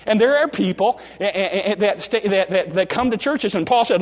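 High-voiced folksy preacher in a reverberant church. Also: male voice. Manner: folksy, animated preaching with restarts and dramatic slowdowns. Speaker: pastor. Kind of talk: sermon. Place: church sanctuary. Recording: long reverb of a large hall.

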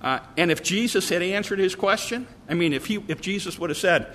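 Bright-voiced male preacher in a hall. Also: high-pitched, animated, a little fast, hardly any pauses, a little hiss or hum. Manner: earnest, repeats words, reads scripture aloud. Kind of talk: sermon.

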